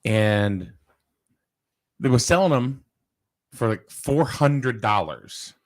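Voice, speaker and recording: The host of a casual local talk show, a man from Eastern Connecticut, tells an animated story, repeating "I said" as he goes. His voice is medium in pitch and his pace is slow.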